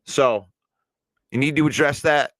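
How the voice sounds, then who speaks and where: A man hosting a casual sports talk stream. He answers the chat with pointed argument and sometimes slows down to drive a point home. His voice is mid-pitched and recorded dry and close. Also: steady tone, a bit bright, dry recording. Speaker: sports show host.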